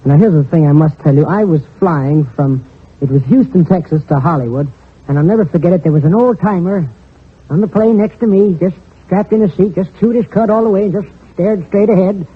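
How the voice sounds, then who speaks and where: A man's voice: sits high, fairly quick, breathy edge. A male comedian telling folksy jokes in a stand-up set, on a tinny old recording. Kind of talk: stand-up storytelling. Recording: tinny old lo-fi audio with crowd.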